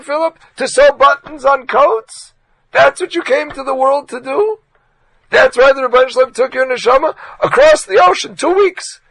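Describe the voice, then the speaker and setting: A man's voice: low-pitched, vocal fry, breathy edge, heavily acted. A man voicing a stubborn, devout rabbi who holds his ground and preaches with rising intensity. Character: stubborn devout male rabbi, unshakable and fiery.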